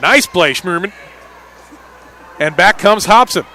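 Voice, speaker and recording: A man doing live play-by-play commentary on an indoor soccer match, with quick calls that rise sharply on big plays. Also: high-pitched, expressive, creaky, bright, forceful tone.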